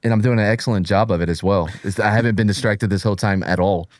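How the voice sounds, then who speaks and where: A man with a rather low voice co-hosts a livestreamed talk show in casual banter. He jokes a lot and gets sidetracked by the chat. His voice sounds dry and close to the mic. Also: fairly even intonation, quick pace, no room sound. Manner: joking, easily distracted while reading chat. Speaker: co-host.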